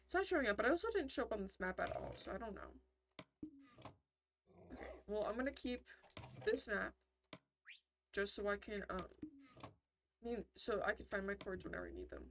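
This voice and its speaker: A woman with a medium-pitched, fairly bright, animated voice comments on the video game she's playing at a normal speed, leaving long pauses. Her talk is casual, chatty and rambling, often breaking off mid-sentence, with slight background noise behind her.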